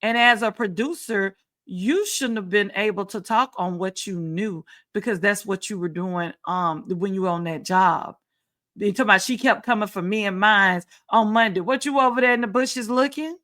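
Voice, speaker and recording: A woman's voice: medium pitch, moderate pace, a bit bright. A woman hosting her own talk show, giving emphatic, repetitive commentary with sarcastic asides. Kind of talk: casual commentary on reality TV. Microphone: home setup, screen sharing.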